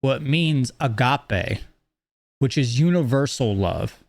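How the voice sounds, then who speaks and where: Male lecturer, mid-pitched, measured and explanatory. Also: animated, no echo. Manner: explanatory, measured, reads principles aloud then comments. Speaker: teacher. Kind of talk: lecture on esoteric teachings.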